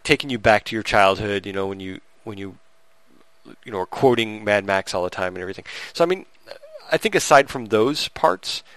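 With a fairly low voice and no echo, a man co-hosting a podcast retells a movie he's reviewing. The casual chat is rambling and animated, marked by frequent restarts and laughs.

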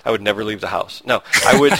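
A male podcast host chatting in an easy, relaxed way, often chuckling and pausing on fillers. His voice sits at a middle pitch. The sound is dry and close, with no echo. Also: slightly rough. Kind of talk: casual chat.

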